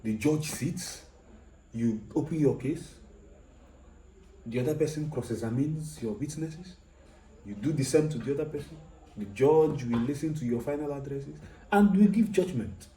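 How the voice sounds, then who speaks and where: A man's voice: medium pitch, normal speed, warm tone, reverberant, a little hiss or hum, low-quality recording. A man teaching law in a recorded lecture, explaining step by step, repeating his points and asking rhetorical questions.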